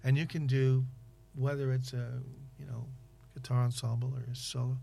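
A man interviewing in casual conversation, rambling and halting with many fillers and restarts. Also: mid-range voice, level tone, gravelly, mellow.

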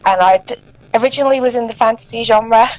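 A woman in her thirties, a children's author interviewed over the phone, friendly and gently hesitant. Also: fairly high pitch, a little fast, no room sound, rough recording. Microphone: mobile phone.

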